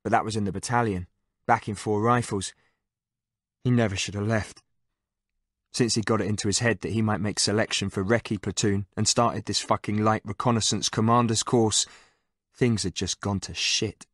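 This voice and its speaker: A man narrating a military thriller audiobook in a steady, measured storytelling manner. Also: fairly low pitch, no echo, clean studio sound. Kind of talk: scripted narration.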